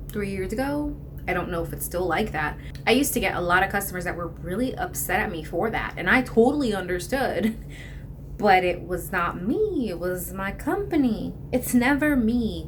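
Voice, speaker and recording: A woman's voice: medium pitch, noisy background. A young adult woman vlogging in a casual, chatty way, filling her talk with "like" and laughing often.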